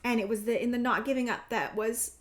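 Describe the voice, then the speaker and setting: A woman in her thirties, her voice slightly high and her tone steady, gives a heartfelt tarot reading. Tearful and emotional, she speaks earnestly but haltingly, with many fillers, circling back and restarting her sentences.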